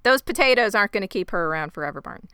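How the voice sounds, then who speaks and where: Wry, bright-voiced woman recapping a show. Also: medium pitch, animated, very fast, smooth. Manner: wry, sarcastic storytelling, acting out lines. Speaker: podcast co-host recapping a show. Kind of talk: casual chat.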